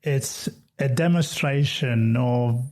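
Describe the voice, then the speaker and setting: A man's voice: mid-range voice, slow pace, darkish tone. A man from an Arabic-speaking country hosting a podcast, talking hesitantly and repeating words as he goes. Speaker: podcast host. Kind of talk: conversational interview.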